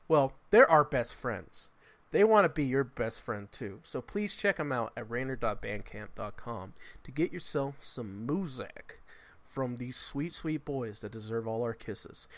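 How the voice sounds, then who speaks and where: A man's voice: mid-range voice, animated, a little slow, a bit bright, no echo. A man co-hosting a podcast in casual chat, playful and often laughing. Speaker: podcast co-host.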